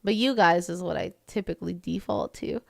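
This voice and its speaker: A woman's voice: on the low side, fairly quick, creaky, no echo, clean studio sound. Chatty young woman with a slight Texan twang. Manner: chatty, self-deprecating, laughs often. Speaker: streamer. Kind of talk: casual chat with viewers while working.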